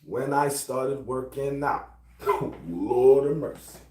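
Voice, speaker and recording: A middle-aged man telling a personal story in a profane, animated rant. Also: mid-range voice, slow pace. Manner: animated, profane, builds to angry outbursts. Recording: roomy, distant from mic.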